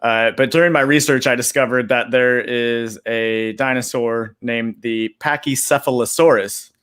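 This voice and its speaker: Man, bright sharp voice, rambling, filler pauses, comic setups. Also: mid-range voice, fairly even intonation, smooth. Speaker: pun contestant. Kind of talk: comic storytelling.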